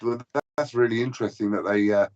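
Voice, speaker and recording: A man's voice: lowish voice, fairly even intonation, fast, a little mellow, muffled recording. A man hosting a live stream, laughing often and reading out viewer comments. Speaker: livestream host. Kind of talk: casual livestream chat.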